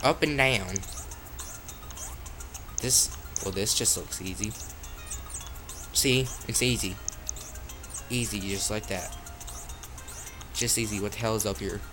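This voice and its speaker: Over music, a man with a fairly low voice talks slowly and pauses often while playing a game on his phone. His let's-play narration is laced with constant swearing and abrupt angry outbursts, picked up by the handset's own microphone.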